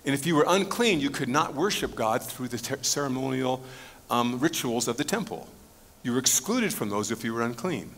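A man's voice: medium pitch, expressive, moderate pace, fairly bright tone. A male pastor preaching an expository Bible sermon to a congregation in a conversational way, asking the audience questions and joking in asides. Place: church sanctuary with a live audience. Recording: long reverb of a church hall.

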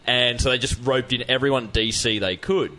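A man's voice: mid-range voice, normal speed, pushed and bright. A man, a co-host dropping wry quips and laughing a lot. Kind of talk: casual chat.

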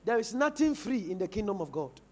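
A man's voice: sits high, sing-song, fairly quick, dark tone. A man with a Ghanaian English accent preaching a sermon in church, firing rhetorical questions at the congregation. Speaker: pastor.

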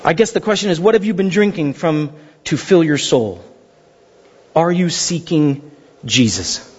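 A man preaching a sermon, animated and storytelling, sometimes acting out characters. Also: fairly high pitch, unhurried, slightly rough. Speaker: pastor. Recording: dull sound in a reverberant hall.

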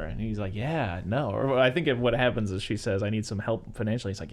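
A man talks fast in a low register, walking through a film's scenes in a relaxed chat. He slips into quoted lines of dialogue as he retells what happens. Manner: retells scenes, quoting characters. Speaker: podcast co-host discussing a film. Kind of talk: casual chat.

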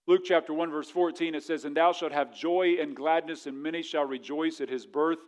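A male pastor preaching a sermon fervently, dropping to a hush and then rising to emphatic points. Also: on the high side, fairly even intonation. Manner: mocking voices of others in quick asides.

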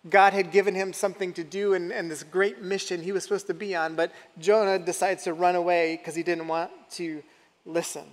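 High-voiced man preaching in an echoey hall. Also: little pitch movement, fairly quick. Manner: conversational, asks the audience questions. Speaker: pastor. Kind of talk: sermon.

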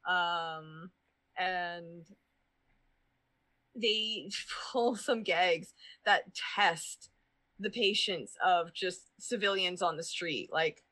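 A woman's voice: lowish voice, bright, forceful tone. A woman chatting casually as a podcast guest, rambling with lots of "um" and "like" and swearing freely. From Canada.

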